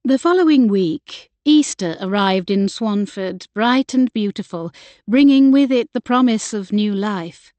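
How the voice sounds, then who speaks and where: A woman narrating a historical romance audiobook in a gentle, measured way. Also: medium pitch, expressive, no echo. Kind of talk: scripted narration.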